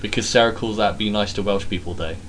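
Guy with a lowish voice rambling through podcast banter, faint room hum behind. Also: steady tone, fast, fairly bright tone, low-quality recording. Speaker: podcast co-host. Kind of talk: casual chat.

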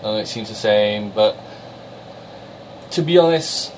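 A man's voice: fairly low pitch, lively intonation, slight background noise, poor audio. A man with a Somerset accent co-hosting a podcast, chatting in a jokey way and reviewing games. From Somerset, England. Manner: chatty, jokey, quick to laugh. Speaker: podcast co-host. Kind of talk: casual banter and game reviews.

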